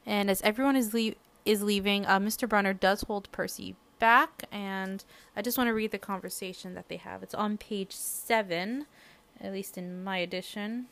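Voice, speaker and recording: A woman's voice: medium pitch, steady tone, moderate pace, creaky, fairly bright tone. A young adult woman hosting a casual book podcast, rambling and chatty with giggly side remarks. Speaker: podcast host.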